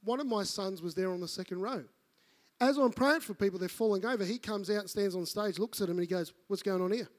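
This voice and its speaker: Animated high-voiced preacher. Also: male voice. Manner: animated, acts out voices in his stories. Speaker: pastor. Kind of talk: sermon with storytelling.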